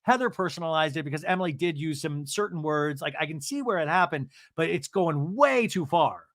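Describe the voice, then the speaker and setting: Casting: male comedy podcaster, lively swooping delivery, bright voice, dry close sound. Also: on the high side, fairly quick, no echo. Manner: animated, gossipy storytelling. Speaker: podcast host. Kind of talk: comedic TV recap.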